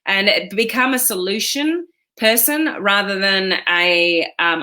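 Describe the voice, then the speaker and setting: A woman's voice: medium pitch, moderate pace, bright, forceful tone. A woman giving casual, encouraging motivational advice to her online community, chatty and full of fillers. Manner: chatty, encouraging, with many fillers and quoted self-talk. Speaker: online business coach.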